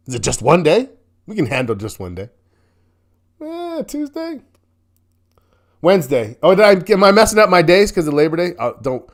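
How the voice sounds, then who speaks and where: A man hosting a live-stream market commentary, chatty and quick to laugh, often restarting and repeating words as he talks. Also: on the high side. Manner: self-correcting, repeats words. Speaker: host.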